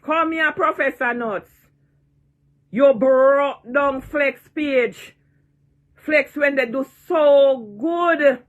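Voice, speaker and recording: A Jamaican-accented woman in her sixties, an online personality, rants and taunts in a vlog, repeating her jeers and cursing freely. Her voice is high and extremely slow, and the audio is narrow and tinny.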